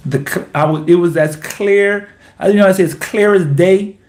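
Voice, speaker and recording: A young man giving a slow, earnest and repetitive personal vlog monologue as host of his basketball channel. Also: high-pitched, a little mellow.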